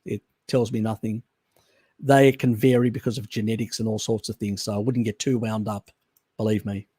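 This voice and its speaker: A man's voice: fairly low pitch, little pitch movement, normal speed, dark tone, breathy edge, no room sound. An Australian man hosting a live stream, chatting loosely and answering viewer questions with restarts and chuckles. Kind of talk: casual chat, reading and answering viewer questions.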